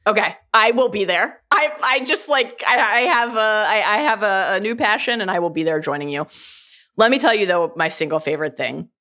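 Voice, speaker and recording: A woman's voice: mid-range voice, brisk, pushed and bright. A woman co-hosting a casual pop-culture podcast, gushing and laughing often as she talks. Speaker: podcast co-host.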